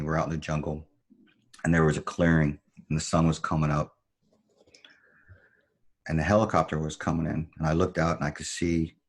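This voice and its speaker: A man who served as a Marine, a podcast guest, telling a story in a measured, reflective way. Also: extremely low pitch, darkish tone. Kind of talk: storytelling in conversation.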